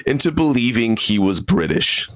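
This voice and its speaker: A man telling a story as a podcast guest in casual chat, excitable and swearing. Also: mid-range voice, normal speed, very noisy.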